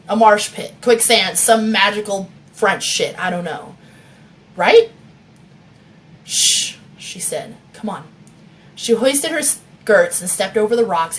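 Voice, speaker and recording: A woman author reading her novel aloud and chatting with viewers, laughing often and swearing freely, on a phone mic. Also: mid-range voice.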